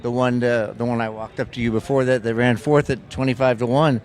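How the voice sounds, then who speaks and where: Man, guest player, mid-range voice, halting, stumbles over words, casual interview. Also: medium pitch, level tone, a little mellow.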